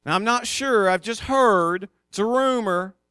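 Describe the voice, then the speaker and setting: A man's voice: high voice, unhurried, pushed and bright, clean tone, dry recording, studio quality, pitched above the performer's own voice. A man voicing a sly male serpent tempter who spreads doubt with feigned uncertainty. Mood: insinuating.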